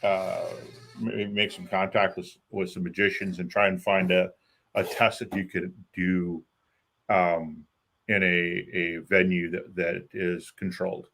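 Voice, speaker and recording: A man co-hosting a call-in show, speaking in a halting way with skeptical questions. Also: low-pitched, level tone, a bit bright, slight background noise. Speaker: co-host. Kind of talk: casual call-in talk.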